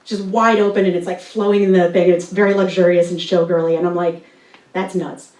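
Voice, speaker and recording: A woman's voice: fairly low pitch, brisk, roomy sound, distant mic, poor audio. A woman telling a true personal story on stage, acting out quotes and laughing as she goes. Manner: animated, acts out quotes, laughs while telling.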